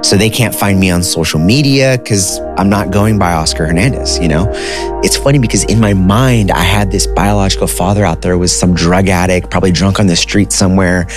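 A man in his thirties casually telling a personal story, animated, acting out the voices of the people he quotes. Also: deep voice, a little fast, music in the background. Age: 30s.

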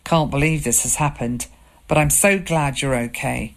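A woman reading the lines of a caring man comforting his partner in a storybook, gentle and soothing. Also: a bass voice, moderate pace.

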